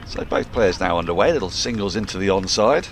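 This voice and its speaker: A man with a low voice calls live cricket outdoors at a ground, speaking fairly quickly. His delivery is playful, jokey and animated, with open-air ground noise underneath.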